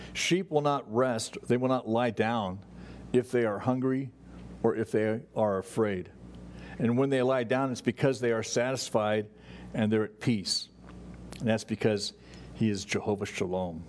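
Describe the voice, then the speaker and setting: A pastor delivers a sermon in a church sanctuary, talking conversationally and often restarting or using fillers. He speaks in a mid-range voice, and a bit of hiss or hum can be heard.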